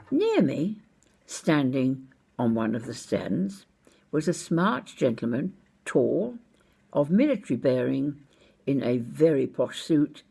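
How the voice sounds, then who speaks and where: A woman's voice: deep voice, creaky, a little mellow, husky. An older woman recounting a personal anecdote in a precise, wry, well-spoken way. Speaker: storyteller.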